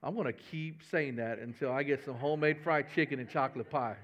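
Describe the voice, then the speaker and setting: Folksy pastor preaching, lo-fi. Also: male voice, medium pitch, a little fast. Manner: folksy, conversational preaching with humor. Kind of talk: sermon.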